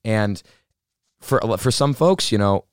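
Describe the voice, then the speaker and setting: A man co-hosting a casual fitness chat, earnest and measured, summing up his partner's points with many fillers. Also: lowish voice, lively intonation, smooth, no room sound, clean studio sound.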